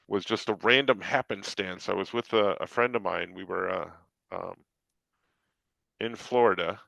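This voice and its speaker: A man's voice: sits low, vocal fry, dry recording, poor audio. A man telling a story in casual chat, acting out what people said along the way. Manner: animated storyteller acting out quotes. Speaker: comic artist on a talk show.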